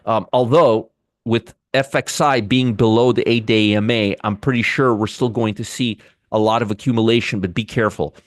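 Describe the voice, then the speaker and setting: A man's voice: on the low side, fairly even intonation, normal speed, no room sound, clean studio sound. Sarcastic man hosting a live market show. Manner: sarcastic, repeats points, talks to chat viewers by name. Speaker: trading show host. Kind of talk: casual live market commentary.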